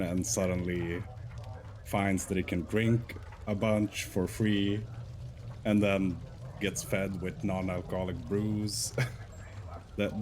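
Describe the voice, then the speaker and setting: A man playing a tabletop game, slowly narrating his character's actions and thoughts. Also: low-pitched, a little mellow. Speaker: player. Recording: noticeable background noise.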